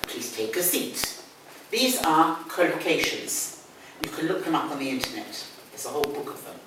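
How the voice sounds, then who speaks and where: A woman's voice: deep voice, animated, fairly quick. An older woman with a London accent teaching English, explaining patiently and repeating key words. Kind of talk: one-on-one language lesson. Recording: echoey room, distant mic, faint noise.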